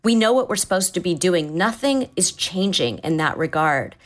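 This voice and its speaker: A woman in her forties with a somewhat low voice speaks as a therapist guest. She explains things calmly and thoughtfully, circling back and restarting phrases as she works out her point. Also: normal speed. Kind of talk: advice-giving conversation.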